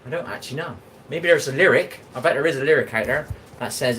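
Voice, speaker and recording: A man's voice: medium pitch, fast, bright, forceful tone, low-quality recording. An Englishman with a plain mid-range voice rambles his way through a casual cooking livestream. He chats loosely and answers his viewers' comments as he cooks. A faint bit of background noise sits under his voice. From England. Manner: rambling, chatty, talks back to chat comments. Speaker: livestream host.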